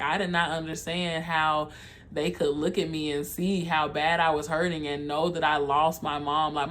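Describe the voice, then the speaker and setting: Young adult, candid personal storytelling, confiding, halting, middle pitch. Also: fairly bright tone, slight background noise. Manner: heartfelt, confiding, talks to viewers as y'all; halting, with frequent um and like. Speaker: video creator.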